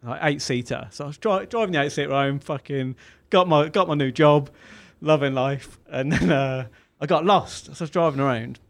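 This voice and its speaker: Speaking at a moderate pace with vocal fry and hardly any pauses, a young man from Birmingham, England, co-hosts a relaxed podcast. His slightly high voice carries a long story full of swearing, in which he plays both parties.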